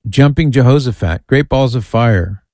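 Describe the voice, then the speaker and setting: A man's voice: medium pitch, animated, normal speed, darkish tone, no echo. A man hosting a call-in radio show, playfully reading out lists with amused asides. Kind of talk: casual talk radio.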